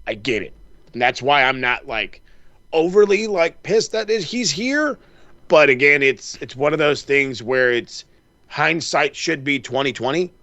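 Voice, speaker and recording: A man co-hosting a podcast, chatting casually with a profane, animated ranting manner. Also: mid-range voice, measured pace, no room sound, highs cut off. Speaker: podcast co-host. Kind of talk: casual chat.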